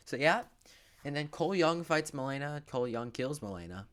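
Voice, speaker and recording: A man's voice: fairly high pitch, animated, a little fast, fairly bright tone. A young man giving a profane, sarcastic movie recap, full of filler words and swinging between mutters and outbursts. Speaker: movie reviewer.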